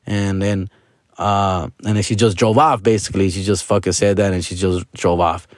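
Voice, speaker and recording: A man tells a casual, animated story, full of profanity and slang, switching between Spanish and English. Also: deep voice, moderate pace, no room sound, clean studio sound. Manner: animated, with frequent street-slang tags.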